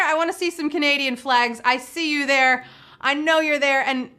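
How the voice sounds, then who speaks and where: A woman's voice: sits high, fairly even intonation, normal speed, sharp tone. A woman hosting a live trivia game show, bubbly and playful, reading questions and hyping up the players.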